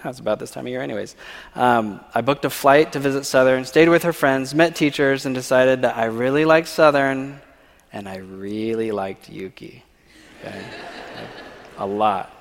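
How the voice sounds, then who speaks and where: A man with a mid-range voice tells a personal story to a church congregation, often pausing to ask "okay?". His voice carries a long reverb from a large sanctuary. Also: mid-range voice, gravelly. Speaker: church speaker. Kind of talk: personal testimony talk.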